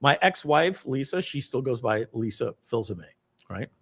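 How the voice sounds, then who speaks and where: A man's voice: medium pitch, expressive, moderate pace, breathy edge. A middle-aged man telling a personal story to an audience, acting out the people in it with a raised voice and casual asides. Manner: acts out quoted people with loud raised voice; casual, swears lightly, many asides.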